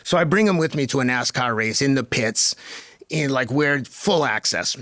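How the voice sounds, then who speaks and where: A man in his fifties, a guest on a podcast, telling stories in a chatty, animated way that grows louder and more fired up. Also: medium pitch, normal speed, no echo, studio quality. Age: 50s. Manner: chatty, lots of fillers and restarts. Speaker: podcast guest, marathon runner. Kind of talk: casual interview storytelling.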